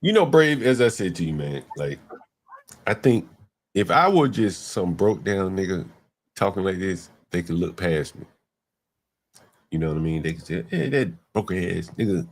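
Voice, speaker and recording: Low-voiced man hosting a livestream. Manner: emphatic, repeats words for stress. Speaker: livestream host. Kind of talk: casual livestream chat.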